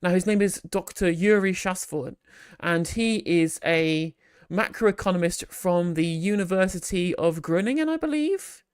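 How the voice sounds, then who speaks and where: A live stream host in casual commentary, rambling and animated, with frequent restarts and sarcastic asides, on a close microphone. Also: mid-range voice, a little slow, clear, resonant tone, dry recording.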